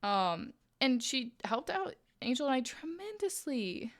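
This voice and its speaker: Chatty young woman streamer, slightly high voice. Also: a little slow. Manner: chatty, animated, many "like"s, acts out quoted voices. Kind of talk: casual storytelling chat. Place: home streaming setup, crafting while talking.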